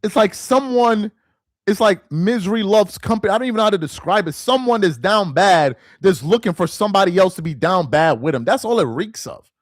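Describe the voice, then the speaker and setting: An exasperated sports commentary host rants into the camera, driving home his points by repeating the same phrases over and over. He talks a little fast in a high, animated voice, and there's no echo.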